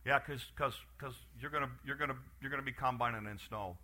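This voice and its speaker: Bright-voiced animated male preacher. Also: medium pitch, quick pace. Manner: animated, repetitive restarts, acts out farm scenes. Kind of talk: sermon.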